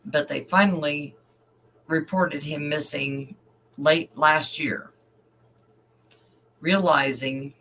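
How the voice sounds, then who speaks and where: Slow-reading man, emotional commentator. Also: fairly high pitch, pushed and bright, slight background noise, rough recording. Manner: slow, emotional asides between read passages. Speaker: online commentator. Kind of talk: reading news aloud with commentary.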